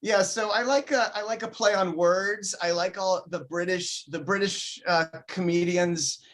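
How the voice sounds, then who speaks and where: A man, a comedian guest, chatting in an interview in a halting way, full of ums and uhs, and laughing easily. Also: high-pitched, a bit bright. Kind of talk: casual interview chat.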